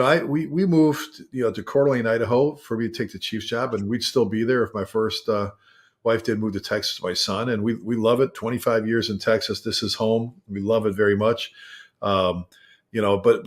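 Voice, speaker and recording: A man, a fire chief co-hosting a podcast, chatting casually and teasing his co-host with lots of halting fillers. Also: on the low side. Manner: friendly ribbing, halting with fillers. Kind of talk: casual chat.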